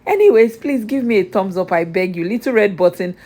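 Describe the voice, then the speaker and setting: A woman's voice: medium pitch, fairly quick, darkish tone. A young Nigerian woman vlogging a chatty, exasperated recap of a reality show straight to her viewers.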